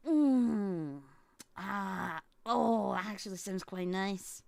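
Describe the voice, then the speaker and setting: A woman's voice: mid-range voice, expressive, slow pace, gravelly, no room sound. A Scottish woman chatting casually as she reacts to a video, playful and giggly, rambling between thoughts. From Scotland. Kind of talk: casual reaction stream chat.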